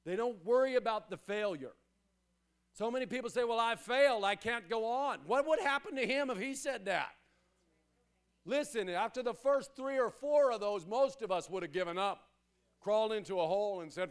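A man preaching a sermon as pastor, emphatic and repetitive, building to loud exhortations. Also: high voice.

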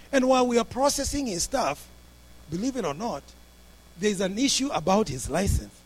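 A male pastor telling a story in a sermon, acting out the people in it with big rises and drops in loudness. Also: moderate pace, breathy edge. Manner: animated, acts out the people in his story with big swings in pitch and loudness.

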